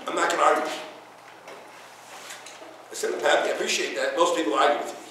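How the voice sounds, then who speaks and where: A man teaching a Torah class, his voice pitched high and lively as he tells stories and acts out the people in them. He sounds far from the microphone in a strongly echoing room. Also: quick pace, slight background noise. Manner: animated storyteller, acts out dialogue, Yiddish and Hebrew words. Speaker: rabbi giving a Torah class. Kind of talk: informal Torah lecture with stories and humor. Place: room with listeners.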